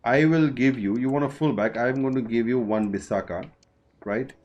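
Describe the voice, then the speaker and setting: A man streaming a football management game, chatting casually and haggling out loud with the players he signs. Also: medium pitch, normal speed. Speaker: gaming streamer.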